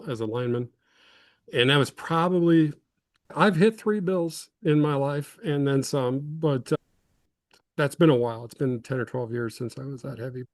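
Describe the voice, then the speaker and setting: A man's voice: medium pitch, no echo. A man in his fifties from Illinois, a former football lineman telling rambling, self-deprecating stories as an interview guest. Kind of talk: casual interview storytelling.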